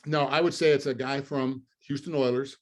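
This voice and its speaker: A man in his fifties, a former football lineman, telling lively stories in an interview, often laughing and trailing into fillers. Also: medium pitch, normal speed. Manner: lively storyteller, laughs through punchlines, many fillers. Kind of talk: storytelling interview.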